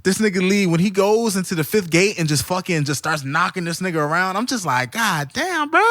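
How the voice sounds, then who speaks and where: Young guy hyping up an anime fight, cussing a lot, kinda high voice, dry mic. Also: brisk, no echo. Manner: excited storytelling, heavy swearing and slang. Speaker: podcast co-host. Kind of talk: casual chat.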